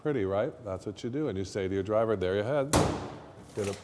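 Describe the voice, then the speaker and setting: A man's voice: fairly low pitch, very fast, big-room sound, very noisy. A middle-aged man teaching floral design, talking students through each step of a hands-on demonstration.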